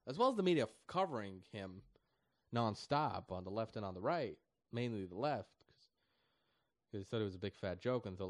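A man giving an animated political commentary rant. He swings from loud and emphatic to soft, and jumps high when he mocks other people's voices. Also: a little fast, no echo, studio quality.

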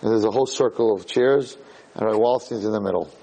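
A man giving a sermon as a rabbi, telling a story in a lively way that builds to emphatic points. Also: fairly low pitch, quick pace, low-quality recording. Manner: animated storytelling, rising to emphatic peaks.

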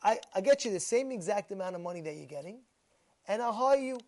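An animated male rabbi teaching a class, who tells stories by acting out both sides of a conversation. He repeats his phrases for emphasis and drops Hebrew and Yiddish words into his English. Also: sits high, fast. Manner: animated, acts out quoted dialogue, repeats phrases. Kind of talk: Torah class with personal storytelling.

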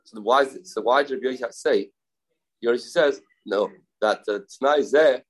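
Halting man teaching a Talmud page. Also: mid-range voice, slightly rough, rough recording. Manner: halting, repeats phrases, mixes English with Hebrew and Aramaic terms. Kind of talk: Talmud study class.

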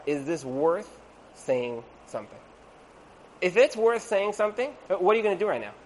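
Animated storytelling man, slightly high voice. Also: slight background noise, rough recording. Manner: animated storyteller who acts out the people in his stories; conversational, with frequent "like" and asides. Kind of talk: storytelling talk to an audience.

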